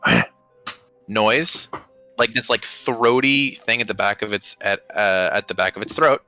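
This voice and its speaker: A man's voice: on the low side, normal speed, sharp tone, clean tone, faint music behind, rough recording. A man narrating as dungeon master of a tabletop game, describing scenes with frequent ums and restarts. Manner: descriptive, hesitant with many ums.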